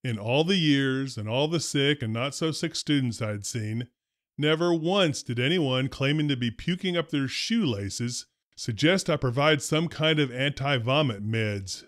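A man, a former school principal, tells stories from his career in a wry, deadpan first-person narration. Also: mid-range voice, a little slow, no room sound. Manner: dry, wry humor, deadpan delivery.

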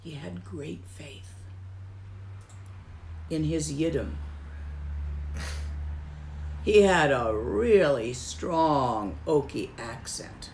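A woman giving a Buddhist teaching, calm and emphatic, repeating her key phrases with deliberate weight. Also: sits low, a little hiss or hum. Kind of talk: slow, deliberate dharma teaching.

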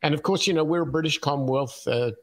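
An Australian man in his fifties, a podcast guest telling his life story in an unhurried way, with plenty of ums and uhs and easy chuckles. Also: a little high, a bit bright. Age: 50s. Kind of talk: casual storytelling interview.

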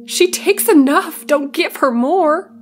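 A woman voicing a jittery, frightened woman in a blue coat who talks in a tense, curt, hushed way. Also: mid-range voice, steady tone, moderate pace, natural voice. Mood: screaming.

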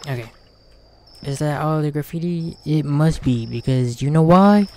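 A man's voice: a little high, measured pace, warm tone, a little hiss or hum. Slangy man doing game commentary. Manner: casual slangy banter. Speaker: gaming channel host. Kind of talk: let's play commentary.

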